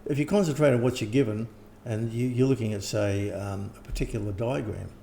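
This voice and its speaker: An older man, talking casually and rambling as an interviewed teacher, often clearing his throat. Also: medium pitch, a little fast, dark tone, slight background noise. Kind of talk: casual conversation.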